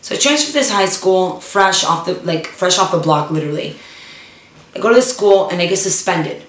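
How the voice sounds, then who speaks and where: A woman's voice: fairly low pitch, expressive, fairly quick. Chatty young woman, roomy distant sound. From Miami area. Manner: chatty, lots of "like", switches into Spanish for quotes. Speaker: storyteller. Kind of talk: casual personal storytelling.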